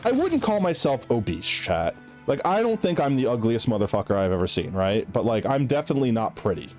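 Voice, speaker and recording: A man's voice: medium pitch, big pitch swings, a little fast, darkish tone. A man streaming live with a somewhat nasal voice that swings up and down a great deal as he rambles to his chat. His talk is loose and casual, full of "like" and "right?", with faint game music under it. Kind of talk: casual chat while gaming.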